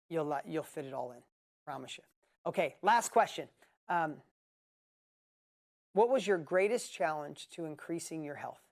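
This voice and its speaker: A man's voice: a little high, vocal fry. Blunt, emphatic male coach. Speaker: business coach and host. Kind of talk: live coaching Q&A.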